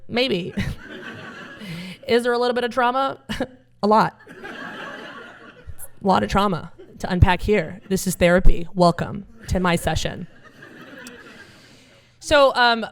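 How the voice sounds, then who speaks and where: On an event stage before a live audience, a woman in her thirties holds a handheld microphone and tells a comic personal story, playfully mocking herself and often laughing at her own jokes. She is from the United States (Alabama), her first language is Arabic, and her American accent sounds like Connecticut. Her voice is medium-pitched, clear, resonant, and fairly bright, with a measured pace and frequent pauses.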